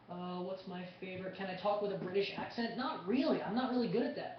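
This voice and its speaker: A man hosting a live fan chat, talking casually, excitable and swearing, shouting bursts and then mumbling while reading. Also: sits high, fairly quick. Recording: dull lo-fi webcast audio with faint noise.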